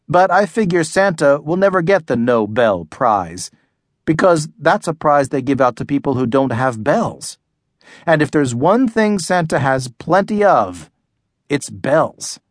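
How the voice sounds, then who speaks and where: A man narrating a children's audiobook in a lively first-person storytelling style. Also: medium pitch, dry recording, clean studio sound.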